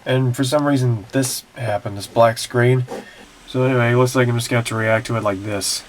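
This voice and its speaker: Fairly quick and steady, a man's mid-range voice carries over a little hiss or hum as he reacts to a video at home. He's a siren-hobby video creator answering viewer questions on a screen recording, casual, technical, and prone to rambling.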